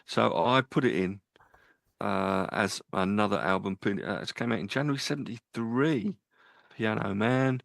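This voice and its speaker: A man's voice: fairly low pitch, normal speed, vocal fry, fairly bright tone, no echo. A man co-hosting a live radio music show, chatting casually and reeling off chart facts. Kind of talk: casual chat about albums. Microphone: studio mic.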